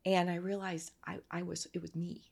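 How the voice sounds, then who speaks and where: A woman speaks with a low, gravelly, fry-laden voice. She tells a personal faith story in an earnest, halting way, pausing and restarting. She sounds close to tears. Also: level tone, a little mellow. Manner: earnest, halting, tearful at times. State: near tears. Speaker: interview guest. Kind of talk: emotional personal testimony.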